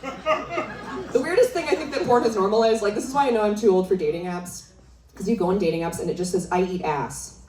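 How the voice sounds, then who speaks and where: A woman's voice: mid-range voice, fairly quick. Woman doing stand-up in a roomy club. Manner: conversational, teasing the crowd. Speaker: stand-up comedian. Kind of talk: stand-up comedy set. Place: live comedy club stage. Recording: roomy, distant venue sound with crowd laughter.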